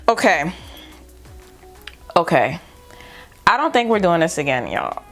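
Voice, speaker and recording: Young woman vlogger at home, jittery and exclaiming, unhurried delivery, faint music behind. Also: low-pitched, very animated, fairly bright tone. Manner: nervous, exclaiming, says y'all. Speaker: beauty vlogger. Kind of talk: casual vlog narration.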